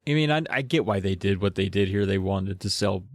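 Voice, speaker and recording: A man's voice: low-pitched, lively intonation, a little fast, dry recording, studio quality. A man co-hosting a casual book podcast, summarizing the plot with wry humor. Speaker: podcast co-host.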